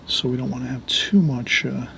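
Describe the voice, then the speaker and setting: A middle-aged man giving an easygoing oil painting lesson, talking while he works and often trailing off softly. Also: mid-range voice, steady tone, normal speed, gravelly, slight background noise. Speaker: painting instructor. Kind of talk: relaxed painting tutorial.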